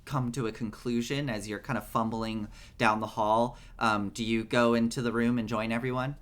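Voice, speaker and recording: A man narrating a tabletop game as game master in a relaxed way, with frequent fillers. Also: medium pitch, normal speed.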